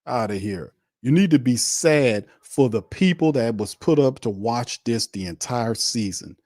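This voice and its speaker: Recorded dry with clean studio sound, a man speaks in a medium-pitched, expressive, slightly slow and mellow voice. He's hosting a sports show on a live watch stream, delivering a fiery, blunt tirade that circles back over the same points and ridicules the other side.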